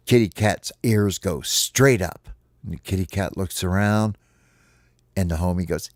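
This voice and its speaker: A man telling a playful children's story to his kids in an animated way. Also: sits low, a little slow, no echo, studio quality. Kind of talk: bedtime storytelling.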